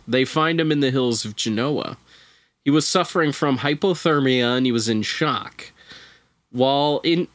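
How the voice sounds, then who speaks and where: A man's voice: mid-range voice, fairly bright tone, no echo. A man who is a podcast guest, telling a strange story in laid-back, casual chat with profane, wry asides.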